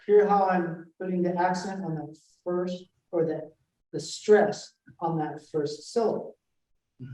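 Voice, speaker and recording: A man giving an informal class on verse, speaking haltingly with many fillers and restarts and reading lines aloud. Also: sits high, dark tone, distant mic. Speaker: presenter of a Shakespeare class. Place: library meeting room. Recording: echoey room, voice picked up from afar.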